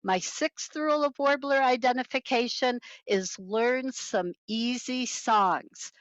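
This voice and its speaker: A woman's voice: a little high, slow pace, dry recording. A woman giving an online birding talk from home over a video call, wearing headphones, with bird-song mnemonics sung in between. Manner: imitates bird songs with mnemonics. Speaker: birding presenter. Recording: dull lo-fi video call audio.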